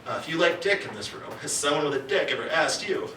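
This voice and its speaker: A man's voice: on the high side, expressive, quick pace, sharp tone, a little hiss or hum. A middle-aged man doing a crude, brash stand-up comedy set on a comedy club stage. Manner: brash, crude, acts out quoted voices. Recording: roomy club sound heard from a distance, audience laughter.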